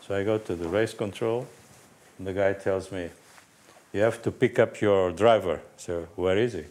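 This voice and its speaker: A man's voice: low-pitched, moderate pace, a little mellow, slight background noise. A middle-aged man, a team manager, telling stories in a casual panel chat, acting out the people he quotes and laughing often.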